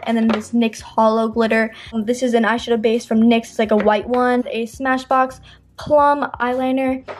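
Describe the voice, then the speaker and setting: A woman's voice: a little high, slight background noise. Chatty teenage girl with a tired throat. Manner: chatty, rambling, with many ums and self-corrections. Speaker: beauty vlogger. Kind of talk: casual makeup collection tour.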